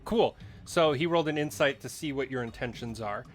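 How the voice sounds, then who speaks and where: A man's voice: medium pitch, a little fast, faint music behind. A man running a tabletop game as dungeon master, patiently explaining the rules with lots of fillers.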